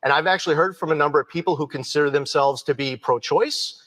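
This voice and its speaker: A male political candidate giving a measured, hedging answer in a televised debate. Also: fairly high pitch, fairly bright tone.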